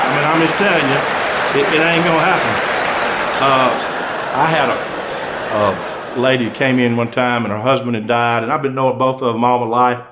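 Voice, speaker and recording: A man's voice: medium pitch, steady tone, fairly quick, over a noisy crowd, very noisy. A middle-aged man with a Southern US accent, a country undertaker telling folksy comic stories to a live audience. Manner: folksy, drawling, breaks into laughs at punchlines. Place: stage before a live audience.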